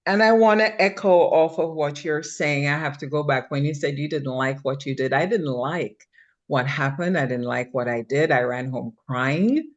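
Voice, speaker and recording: Jamaican-accented woman co-host, low pitch, animated storyteller. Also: normal speed, lo-fi sound. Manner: lively storytelling with laughs. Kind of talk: casual conversation.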